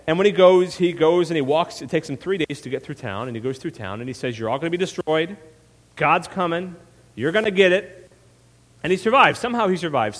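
Male pastor, sermon, animated storytelling, slightly high voice, long reverb of a church hall. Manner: animated storytelling with frequent "right?" asides.

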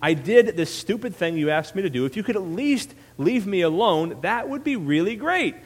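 A man's voice: sits high, big pitch swings, moderate pace, voice pushed up. A man putting on a sarcastic, fuming prophet. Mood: sarcastic angry. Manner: sarcastic, exasperated complaining. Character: sarcastic, angry adult male prophet. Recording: long reverb of a hall.

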